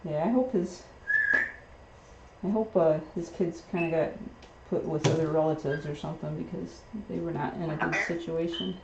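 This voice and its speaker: A woman's voice: low voice, steady tone, normal speed, background noise. A woman host casually telling a long story on a livestream, rambling with many fillers and restarts. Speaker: pet bird channel host.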